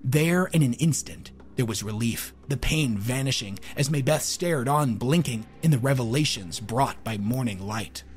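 A man narrating dark fiction in a measured, dramatic way, lingering on words. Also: mid-range voice, soft background music.

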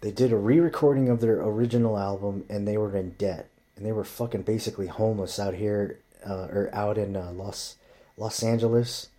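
A man's voice: on the low side, fairly even intonation, a little fast, warm tone. A man telling rambling stories in casual chat, swearing constantly as he talks. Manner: profane, rambling storyteller.

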